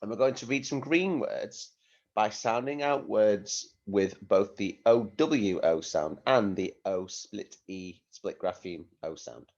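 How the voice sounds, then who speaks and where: Slow, low-voiced man teaching young children. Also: darkish tone, highs cut off. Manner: slow, sing-song prompting with tag questions. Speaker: primary school teacher. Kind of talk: recorded phonics lesson for young children.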